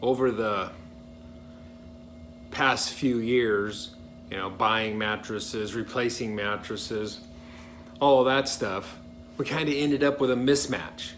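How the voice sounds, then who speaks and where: A man's voice: mid-range voice, slow pace, pauses often, a bit bright, slight background noise. A middle-aged man vlogging casually from his home garage workshop, rambling and correcting himself as he explains a woodworking build. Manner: rambling, self-correcting, chatty.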